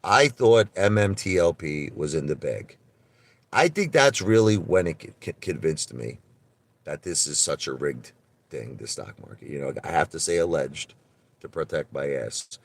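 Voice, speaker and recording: A man chatting casually on a live stream, rambling and animated as he tells stories. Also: rumbling low, normal speed, vocal fry. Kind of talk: rambling casual livestream chat.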